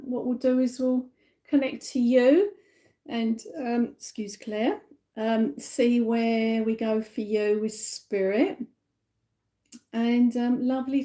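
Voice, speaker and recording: A middle-aged woman giving a live psychic reading, talking slowly and emotionally as she relays messages. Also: a little high, warm tone. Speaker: psychic medium.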